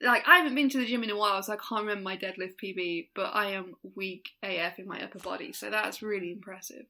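A woman's voice: mid-range voice, quick pace, sharp tone. A woman co-hosting a podcast in casual chat, giggly and self-mocking. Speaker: podcast co-host.

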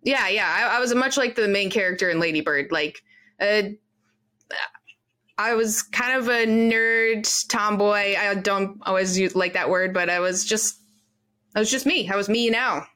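A woman's voice: mid-range voice, a little slow, sharp tone. A woman hosting a talk show, chatting playfully with her guest in a loose, filler-heavy way. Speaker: show host. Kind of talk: casual interview chat.

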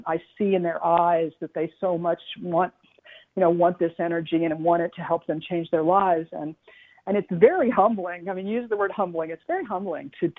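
Earnest woman on a tinny phone line. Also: lowish voice. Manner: earnest, halting, many restarts and fillers. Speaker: spiritual teacher guest. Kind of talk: casual storytelling on a radio talk show.

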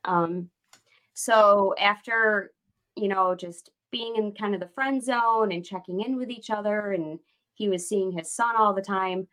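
Woman, late 30s, podcast guest, candid, rambling, middle pitch. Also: measured pace, a bit bright, rough recording. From United States. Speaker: guest entrepreneur. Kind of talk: casual interview storytelling.

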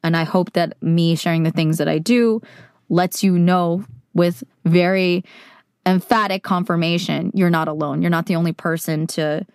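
A woman's voice: fairly low pitch, fairly even intonation, normal speed, a little mellow, smooth, no room sound, clean studio sound. A woman from California, a voice actor, talking earnestly and openly to her viewers in a casual, filler-heavy way. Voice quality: casual, heavy use of "like", mild swearing. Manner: earnest, reflective, emotionally open. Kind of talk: candid personal monologue to viewers.

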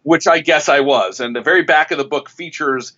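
A man's voice: on the high side, fairly quick, sharp tone, muffled recording. A man, a television critic and author, telling a story as an interview guest, rambling and often restarting his sentences. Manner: rambling, with frequent restarts and self-corrections.

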